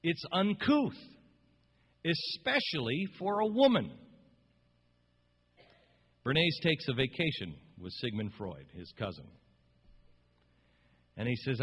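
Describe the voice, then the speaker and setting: A man's voice: medium pitch, big pitch swings, takes it slowly, long pauses, fairly bright tone, husky. Impassioned storytelling radio host man. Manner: impassioned, rambling, emphatic. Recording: long reverb.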